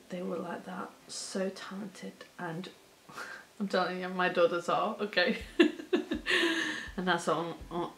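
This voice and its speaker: A woman with a lowish, gravelly voice hosts a reaction video, tearful and crying as she gushes with praise and laughs through the tears. The emotional commentary is recorded with roomy echo and slight background noise.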